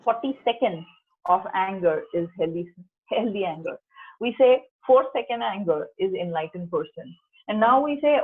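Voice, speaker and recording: A woman's voice: mid-range voice, lively intonation, moderate pace, slightly rough. A middle-aged woman, leading a coaching workshop in an earnest, instructive way and repeating key phrases. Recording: tinny phone-like online call audio.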